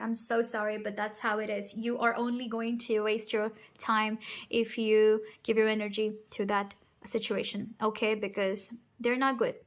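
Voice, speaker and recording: A woman's voice: on the high side, a bit bright. Blunt, reassuring woman reading tarot. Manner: direct, reassuring, keeps asking "okay?"; laughs often and is openly blunt. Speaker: tarot reader. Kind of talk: pick-a-card tarot reading.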